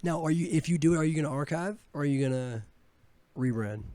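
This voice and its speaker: A young man co-hosting a podcast in casual chat, curious and relaxed, swearing casually, with a sore throat. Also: fairly high pitch, fast talker, no echo. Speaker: podcast co-host.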